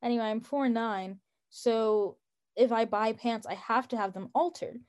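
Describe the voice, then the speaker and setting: A woman's voice: a little high, measured pace, darkish tone. A young woman co-hosting a podcast, talking in a casual, opinionated and emphatic way with lots of "like" fillers. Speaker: podcast co-host.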